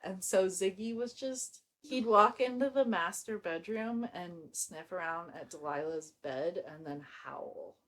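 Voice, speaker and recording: A woman co-hosting a podcast, chatting casually with quick reactions and frequent laughter. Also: on the low side, fairly bright tone. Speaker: podcast co-host. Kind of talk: casual chat.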